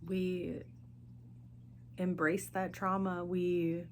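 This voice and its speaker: A middle-aged woman hosts a personal podcast in a low, fairly even voice. She talks earnestly and haltingly, starting over as she looks for words. A faint hum sits behind her. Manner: speaks openly of grief and faith. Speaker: podcast host. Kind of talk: personal monologue.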